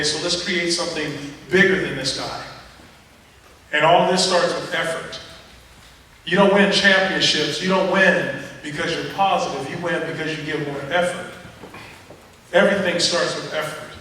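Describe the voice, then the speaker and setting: Guy motivational speaker in a big gym, highish voice, booming echo, mic from far off. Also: normal speed. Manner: animated, joking storyteller who talks straight to students. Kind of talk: school assembly speech. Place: large high school gym. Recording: echoey gym from far off, audience noise.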